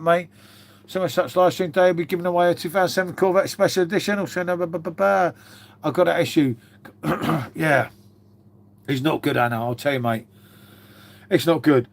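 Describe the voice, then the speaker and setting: This is a middle-aged man with a voice a touch higher than most men's. He rambles through a casual live stream, calling everyone mate and swearing freely. He is unwell and has a lingering cough. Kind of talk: casual live-stream chat reading viewer comments.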